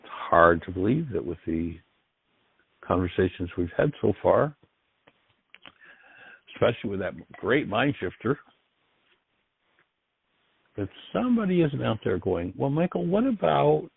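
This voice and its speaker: A man's voice: sits low, sing-song, unhurried, vocal fry, long pauses, slightly rough, no echo. A man hosting a call-in radio show, talking in an earnest, encouraging and reflective way. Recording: dry, tinny phone-like line.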